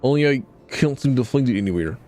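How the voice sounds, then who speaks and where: A man's voice: mid-range voice, lively intonation, fast, mellow, natural voice. Timid lost beggar, voiced by a man, hesitant and sorry, faint music underneath. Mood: confused. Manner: apologetic, hesitant.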